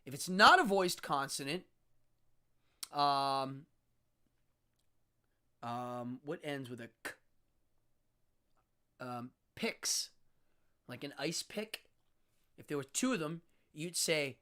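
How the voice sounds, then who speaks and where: A live-stream host in their fifties talks through a casual solo monologue at an unhurried pace. The voice sits in a middle register. The diction is precise and teacherly, with sounds acted out and words drawn out for emphasis. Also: medium pitch, animated, sharp tone. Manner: deliberate, careful enunciation with drawn-out emphasis; demonstrative, teacherly, acts out sounds.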